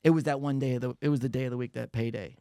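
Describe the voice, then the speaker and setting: A man's voice: racing, no room sound. A man co-hosting a podcast, telling stories in casual chat and acting out the people in them with big jumps in his voice. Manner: animated, acts out quotes with big pitch jumps. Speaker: podcast co-host, comedian. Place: podcast studio.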